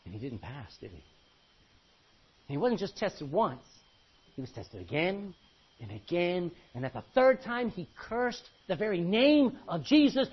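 A man preaching a sermon with animated delivery, swinging from quiet to loud. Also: fairly high pitch, normal speed, breathy edge, muffled recording.

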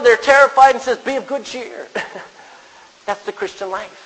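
A man's voice: high voice, very animated, measured pace, a bit bright, slightly rough. A man preaching a sermon in a conversational way, quoting scripture and putting questions to the congregation. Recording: long reverb of a large hall.

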